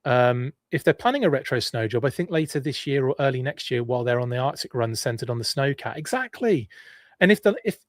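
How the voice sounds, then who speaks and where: A man's voice: mid-range voice, expressive, a little fast, no room sound. English guy hosting a live stream, kinda posh, rambles and answers chat, dry close mic. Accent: well-spoken English. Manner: rambling and chatty, with frequent restarts and asides. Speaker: podcast host. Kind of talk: live-stream casual chat, reading viewer comments.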